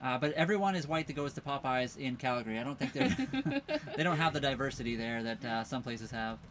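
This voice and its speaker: A man hosts a relaxed livestream from a sailboat, chatting in an easygoing, rambling way. His voice sits at a middle pitch. A faint hiss runs under it. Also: brisk. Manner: easygoing, rambling, reads viewer comments aloud. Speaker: live stream host. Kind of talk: casual live stream chat. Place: on a sailboat at a marina.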